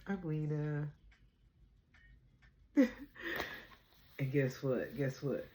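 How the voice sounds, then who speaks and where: A woman hosting her own chat vlog from home, talking fast and bubbly about spiritual topics and laughing often. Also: low-pitched, mellow, slight background noise, rough recording. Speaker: vlog host. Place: home apartment.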